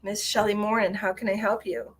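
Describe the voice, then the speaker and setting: A woman's voice: mid-range voice, steady tone, a little fast, a little hiss or hum. A woman hosting a live psychic reading stream, chatting casually with viewers and calling them by pet names.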